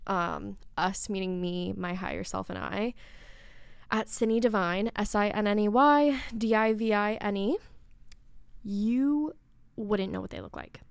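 Chatty woman podcaster, smooth voice. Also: mid-range voice, no echo. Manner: chatty, swearing, with whispered asides. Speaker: podcast host. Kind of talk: casual spiritual podcast monologue.

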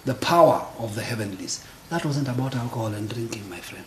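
A man's voice: mid-range voice, brisk, slight background noise. A man co-hosting a church teaching talk, using rhetorical questions in a preaching conversational style. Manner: animated, rhetorical questions, affirms often. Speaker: co-host of a church teaching show. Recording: roomy echo.

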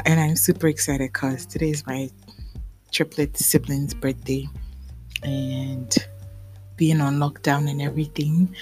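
Low-voiced breathless woman podcast host. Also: darkish tone, low-quality recording. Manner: chatty and apologetic, repeats herself. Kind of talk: casual solo podcast chat.

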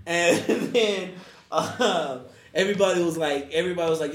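A man's voice: high-pitched, moderate pace, reverberant. A man telling a casual, funny personal story, often laughing as he talks. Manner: laughs through his telling, loose casual speech. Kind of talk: casual anecdote.

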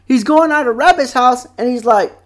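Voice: mid-range voice, normal speed, fairly bright tone. A young adult vlogger chatting casually about childhood TV shows, rambling with many fillers and repeated phrases, close to the microphone. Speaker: vlog host.

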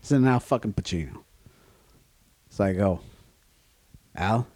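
Man putting on a crude wiseguy barfly, husky low voice, swaggering brag, profane. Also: animated, measured pace, a little mellow, no echo. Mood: boastful. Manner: swaggering, boastful, profane, keeps saying "you know what I'm talking about". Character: brash, crude male wiseguy barfly, middle-aged. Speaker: podcast co-host playing a guest. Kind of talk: improvised comedy character.

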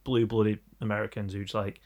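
Fast-talking gravelly English man. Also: lowish voice. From England. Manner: animated, sweary storytelling. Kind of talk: casual chat.

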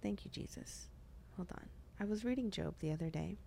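A woman's voice: medium pitch, a little fast, creaky, warm tone, a little hiss or hum. A young woman hosting a podcast, talking earnestly about faith in a chatty way, full of filler words. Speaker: podcast host. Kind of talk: casual faith discussion.

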